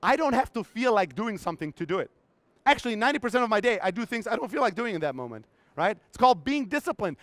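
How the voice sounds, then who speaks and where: A man's voice: sits high, a bit bright, no echo. A man in his thirties giving a blunt, profane motivational talk on a conference stage, acting out his own inner voices, his voice strained. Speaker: keynote speaker.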